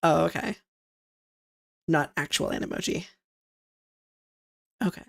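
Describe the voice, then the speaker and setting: A woman's voice: on the high side, wildly swooping pitch, slow, creaky, pauses often. A young Scottish woman streaming, chatting casually and swearing loosely as she reacts to videos. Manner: loose, sweary, giggly, rambling.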